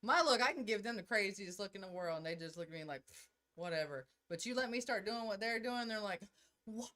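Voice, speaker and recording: A middle-aged woman with a drawl, co-hosting a casual chat. She tells stories in a brash, loud way, punctuated with laughter. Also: medium pitch, expressive, fast. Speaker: podcast co-host.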